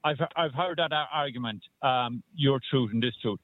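A man calling a radio show from his car, insistent and halting with fillers, heard on a muffled phone line. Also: mid-range voice, dry recording. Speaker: caller.

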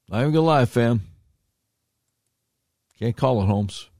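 A man's voice: medium pitch, animated, unhurried, pauses often, darkish tone, no echo, clean studio sound. A man hosting a podcast, giving rambling, sarcastic commentary with slangy asides. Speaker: podcast host.

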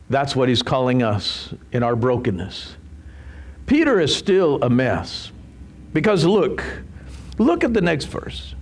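Emphatic, lively-voiced male preacher. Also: on the high side, a little slow. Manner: emphatic, animated preaching with rhetorical questions. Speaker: pastor. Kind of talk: sermon.

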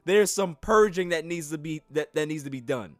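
A man hosting a solo sports podcast, ranting in an animated, mocking way and laughing as he goes. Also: a little high, normal speed, no room sound. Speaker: podcast host.

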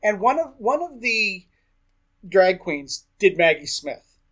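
A man co-hosting a podcast in relaxed chat. He speaks with animated enthusiasm and breaks in with quick asides. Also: high voice. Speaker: podcast co-host. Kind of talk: casual chat.

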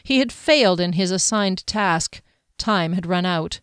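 A woman narrating a fantasy novel in a steady, even storytelling manner on a close studio mic. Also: fairly low pitch, a little slow, clear, resonant tone, dry recording. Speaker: audiobook narrator.

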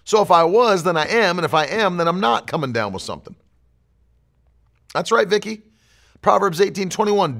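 A man's voice: high voice, animated, moderate pace, vocal fry, long pauses, a bit bright. A man preaching a sermon as pastor, emphatic and driving his points home with repeated declarations.

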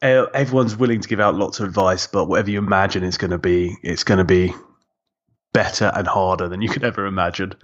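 Deep voiced podcast guy, dry jokes, kinda muffled lo-fi audio. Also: steady tone, quick pace. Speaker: podcast co-host. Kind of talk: casual podcast chat.

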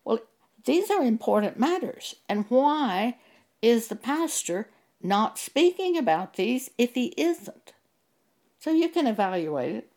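A woman preacher delivering a sermon, speaking deliberately and with emphasis, pausing to cite scripture chapter and verse. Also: on the high side, sing-song, darkish tone.

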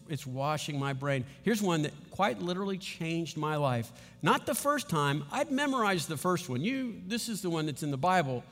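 A man preaching a sermon, animated, acting out little scenes and often laughing. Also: a little high, long reverb tail. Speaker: pastor.

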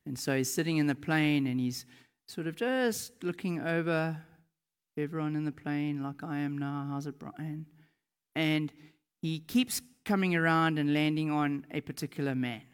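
A man preaching a sermon, telling personal stories with lively energy and loud reenacted moments. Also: fairly high pitch, moderate pace, clear, resonant tone. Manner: animated storytelling, shouting in reenactments. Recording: long hall reverb.

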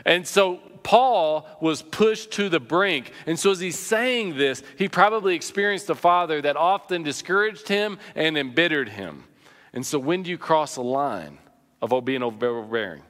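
A man's voice: fairly high pitch, bright, forceful tone, in a large hall. A man preaching a sermon as pastor, conversational and earnest, telling personal anecdotes.

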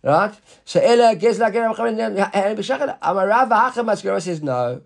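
Reading Aramaic slowly before explaining it in English, a man teaches Talmud to students present in the room and frequently asks them questions. His voice is high-pitched with vocal fry.

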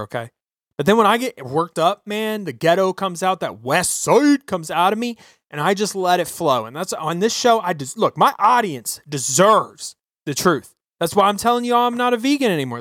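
A man hosting a podcast, ranting about politics with heavy swearing in an animated, emphatic way. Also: sits high, dry recording, studio quality. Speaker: podcast host. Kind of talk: profane political rant. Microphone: podcast microphone.

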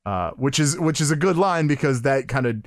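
A man's voice: fairly high pitch, animated, brisk, dry recording, clean studio sound. A man in casual podcast chat about a film, reading its lines aloud and laughing often. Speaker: podcast co-host. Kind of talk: casual movie commentary chat.

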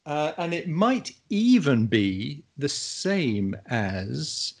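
A man of middle pitch speaking slowly and deliberately as a podcast guest. He lays out ideas in a thoughtful, measured way, like a teacher explaining to a class. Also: sing-song, slightly rough. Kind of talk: casual conversational podcast.

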